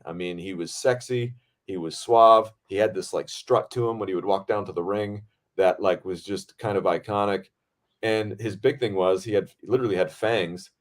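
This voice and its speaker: A man with a fairly low voice chats on a podcast about his days on set. He talks in an excitable, animated way and swears freely as the story builds. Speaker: podcast host and film director. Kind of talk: casual storytelling chat.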